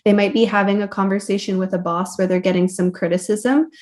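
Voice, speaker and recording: Reflective woman therapist, mid-pitched. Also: steady tone, brisk, darkish tone. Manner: reflective, explanatory, loose with fillers. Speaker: therapist and guest. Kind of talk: conversational podcast interview.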